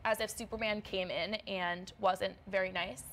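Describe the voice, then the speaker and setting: A woman's voice: medium pitch, fairly even intonation, normal speed, fairly bright tone, slight background noise. A woman co-hosting a casual comic book show, chatty and playful, with lots of filler words. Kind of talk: casual chat.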